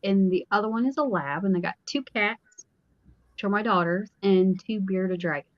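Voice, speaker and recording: A woman's voice: medium pitch, moderate pace, no echo. A middle-aged woman, a guest on a casual chat, rambling through stories with frequent giggles. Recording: dull, slightly muffled audio.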